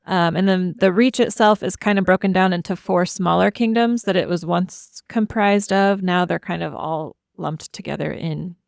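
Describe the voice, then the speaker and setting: Gravelly-voiced woman presenting lore. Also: on the low side, normal speed, hardly any pauses, dry recording, clean studio sound. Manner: playful, lists facts with light humor. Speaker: podcast co-host. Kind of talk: casual chat presenting fantasy lore.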